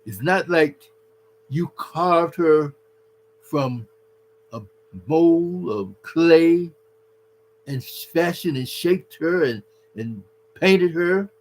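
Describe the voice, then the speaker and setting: A man's voice: fairly high pitch, animated, very slow, pauses often, poor audio. Earnest preachy man giving advice. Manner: earnest, preachy, addresses listener as brother. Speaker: advice speaker to husbands. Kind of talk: casual advice talk.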